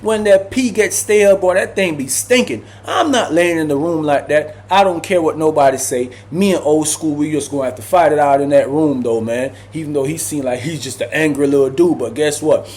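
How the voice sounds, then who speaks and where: A man telling a casual prison story in slangy, animated speech, acting out the people he quotes. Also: fairly high pitch, a little fast, hardly any pauses.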